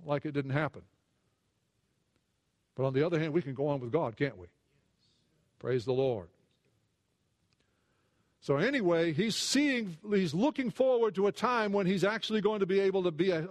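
A man preaching a sermon in an earnest way, repeating words as he goes, rising when he retells a story and dropping low for asides.

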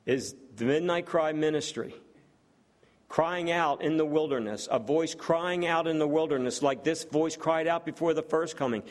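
A man's voice: on the high side, normal speed. Man preaching a sermon, rhetorical questions. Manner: asks the congregation rhetorical questions; reads scripture aloud between remarks.

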